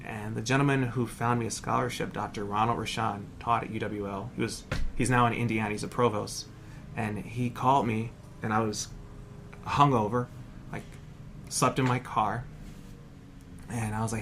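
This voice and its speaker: Man in his thirties, lively storyteller who voices the people he quotes, porch chat with faint mowing behind. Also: on the low side, moderate pace, gravelly, slight background noise. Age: 30s. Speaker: podcast guest, hypnotist. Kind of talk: casual conversation. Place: front porch. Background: lawn mower across the street.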